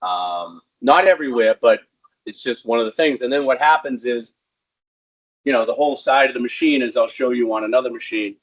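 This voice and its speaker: A man talks staff through a piece of equipment in a loose, rambling way, dropping plenty of ums as he goes. His voice sits at an ordinary middle pitch. The audio is dull and lo-fi. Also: a little fast. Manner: casual, rambling, frequent ums. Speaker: equipment trainer. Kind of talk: hands-on equipment training.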